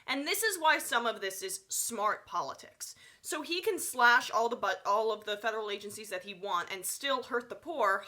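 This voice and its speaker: A woman's voice: on the high side, lively intonation, a little fast, hardly any pauses, sharp tone. A woman with a stuffy nose giving sarcastic, opinionated live political commentary, full of fillers. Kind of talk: live online news commentary.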